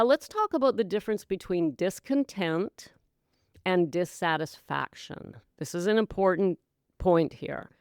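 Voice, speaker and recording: Emphatic middle-aged woman, crisp and dry. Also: lowish voice, no room sound. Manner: warm, emphatic, calls listeners gals and my dear; dramatic voices and hushed whispers for effect. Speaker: podcast host, sobriety coach. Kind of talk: motivational monologue.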